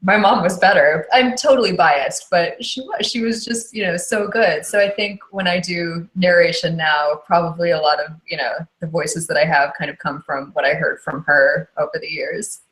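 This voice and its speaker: Brief: a low-pitched woman, audiobook narrator, chatty and filler-heavy, echoey room. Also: moderate pace, few pauses, fairly bright tone. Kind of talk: casual interview. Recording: roomy echo.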